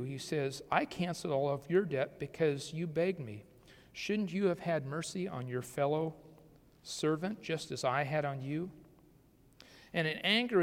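A pastor giving a conversational sermon, asking the congregation rhetorical questions and often restarting his phrases. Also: a little high. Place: church sanctuary. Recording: long hall reverb.

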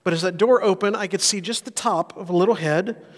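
A middle-aged man preaches to a church congregation in an earnest, storytelling way. He swells and then softens his voice to stress a point. His slightly high voice rings out with a long reverb through the sanctuary. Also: fairly quick. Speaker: pastor. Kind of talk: sermon.

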